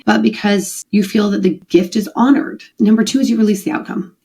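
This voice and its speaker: A woman's voice: mid-range voice, warm tone. A middle-aged woman hosting her own podcast, talking through a personal experience in an earnest, confessional way with lots of "like" and "I mean". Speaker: podcast host. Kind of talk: personal reflective monologue.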